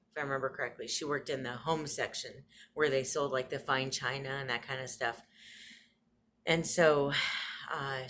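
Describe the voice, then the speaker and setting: A woman's voice: low voice, fairly bright tone, a little hiss or hum. A middle-aged woman recording herself on a phone, sharing family memories in a tender way that moves between small laughs and tearing up. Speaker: vlogger. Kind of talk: personal reminiscence to camera.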